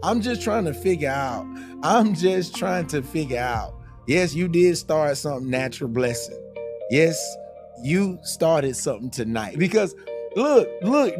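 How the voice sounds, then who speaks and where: A man hosting a live stream, reading viewer comments aloud in a playful, animated way with lots of repeats and stammers. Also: a little high. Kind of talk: casual live-stream chat.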